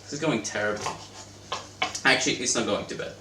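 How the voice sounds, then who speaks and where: A man's voice: medium pitch, brisk. A young man rambling and joking as he cooks in his home kitchen, chatting to his pet bird as he goes. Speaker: cooking vlogger. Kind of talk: casual cooking vlog. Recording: roomy echo, distant mic, faint noise.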